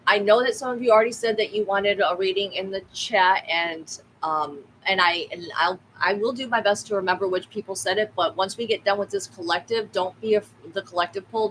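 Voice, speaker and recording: A woman's voice: mid-range voice, a bit bright, slight background noise, poor audio. A woman tarot reader chatting casually on a live stream, swearing freely and reacting to the chat.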